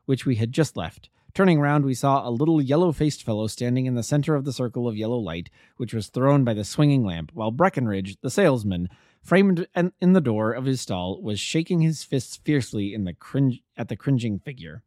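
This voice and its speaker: An amateur male narrator reading a classic detective story aloud, in a measured storytelling manner. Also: mid-range voice, expressive, darkish tone, dry recording, clean studio sound. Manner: measured storytelling, voices the characters.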